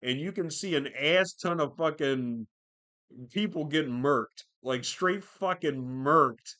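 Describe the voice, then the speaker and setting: A man with a fairly high, bright and forceful voice hosts a podcast alone, speaking slowly. He wanders through casual commentary, swearing nonstop and filling gaps with fillers.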